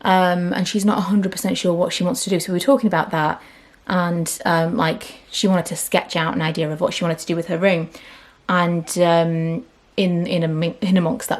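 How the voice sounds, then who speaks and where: A woman in her thirties talking casually to her camera, her voice sitting a little low for a woman. She is open and chatty, and now and then her words fall away into a breathy whisper. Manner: candid, chatty, drifting into whispers. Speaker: vlogger.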